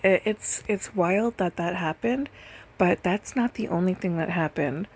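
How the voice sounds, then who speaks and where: A woman's voice: lowish voice, measured pace, darkish tone, slightly rough. A woman doing a casual storytelling voice-over, chatty and full of "like" and "literally". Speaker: nail and lash technician telling stories. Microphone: voice-over recorded separately.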